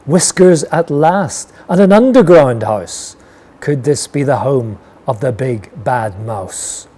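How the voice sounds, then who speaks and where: Man reading a picture book aloud, slow and rhythmic, very lively pitch, mellow tone. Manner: rhythmic, expressive rhyming delivery. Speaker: storyteller.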